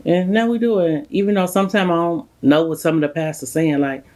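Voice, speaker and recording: A woman's voice: on the low side, steady tone, a little fast, darkish tone. A woman chatting casually with her husband, laid-back and colloquial. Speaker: co-host. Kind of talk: casual couple chat.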